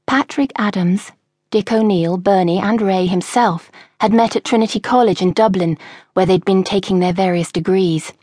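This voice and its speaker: Audiobook narrator, woman, husky, measured, dry studio sound. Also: mid-range voice, a little mellow, no room sound. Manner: measured, storytelling.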